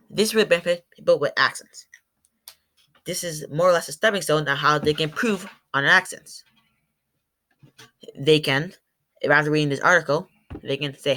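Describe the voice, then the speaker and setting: A young male student talks through his class presentation in a bright, fairly high voice. He rambles informally and keeps restarting his sentences. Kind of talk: school presentation.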